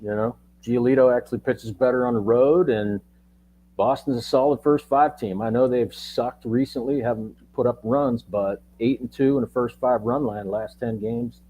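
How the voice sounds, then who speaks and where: A laid-back man co-hosting a sports betting show as its coach, with plenty of fillers. His voice is dark and mellow, with a faint hum beneath it. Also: medium pitch, fairly even intonation, moderate pace, low-quality recording. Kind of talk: casual sports betting chat.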